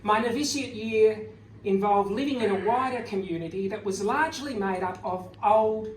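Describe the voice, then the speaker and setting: An Australian-raised man, an author, giving a wry, gently humorous speech full of anecdotes at a book launch. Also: high-pitched. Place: event venue, indoors. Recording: echoey room from far off, faint noise.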